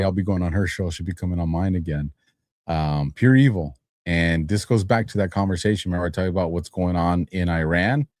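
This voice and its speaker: A man's voice: sits low, darkish tone, dry recording, studio quality. A man hosting a show, giving conversational commentary on clips and talking straight to his listeners. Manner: conversational, addresses listeners as folks. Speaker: host.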